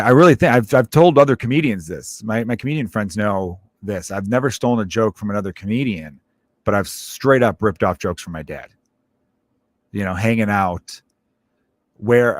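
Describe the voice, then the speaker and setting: Brief: male comedian hosting his podcast in his thirties, lowish voice, blunt and profane, joking through grief, dry room. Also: no echo. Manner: candid and profane, mixing grief with jokes. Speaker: podcast host; stand-up comedian. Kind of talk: personal storytelling monologue.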